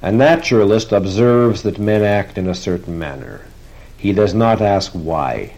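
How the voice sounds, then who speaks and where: A man delivering a formal literary lecture in a measured, deliberate manner, reading quotations aloud. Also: on the low side, a little mellow. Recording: dull lo-fi recording.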